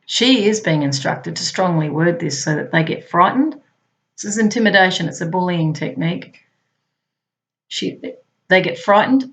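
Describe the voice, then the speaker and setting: A woman with a fairly low voice reads aloud from a transcript and breaks off to comment on it. She talks in a chatty, conversational way and keeps putting rhetorical questions to her listeners. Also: gravelly, poor audio. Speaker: channel host.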